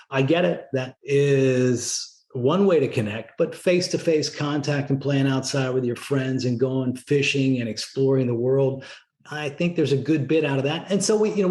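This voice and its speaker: A middle-aged former Navy SEAL leader, guesting on a podcast, tells stories animatedly in a casual interview, leaning heavily on "right?" and "you know." His voice is medium-pitched and the sound is reverberant.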